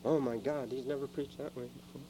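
A man preaching a sermon in a church, dramatic, moving between quiet asides and loud emphatic lines. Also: medium pitch, fairly even intonation, brisk, background noise.

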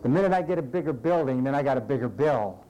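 Man, pastor, sermon, lively swooping delivery, mellow tone, acts out quoted voices. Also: mid-range voice, fast, highs cut off. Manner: animated, conversational preaching, acts out quoted voices.

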